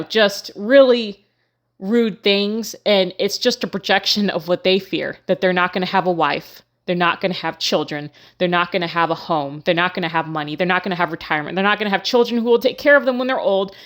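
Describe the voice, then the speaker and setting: Woman host, slightly low voice, candid chatty commentary with frequent fillers. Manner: conversational, many fillers, frank and pointed. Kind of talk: casual commentary to camera.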